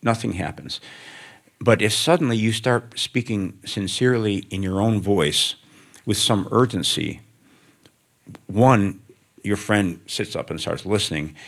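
Older Midwestern-born author, very deep voice, musing onstage, wry and anecdotal. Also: male voice, gravelly, husky. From American Midwest. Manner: reflective, anecdotal, gently humorous. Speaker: author guest. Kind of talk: onstage conversation before an audience.

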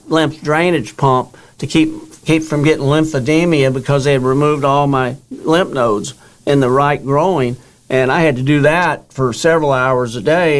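A man's voice: fairly high pitch, smooth. A middle-aged man earnestly telling a long personal story in a casual interview, rambling, repeating words and quoting what others told him. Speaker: guest telling his story.

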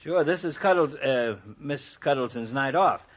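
A man's voice: on the high side, lightly acted. An actor playing a jolly doctor friend who ribs his pal and laughs easily, in 1940s radio acting style. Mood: jovial. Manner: jovial, ribbing, quick to laugh. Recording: dull lo-fi old radio recording.

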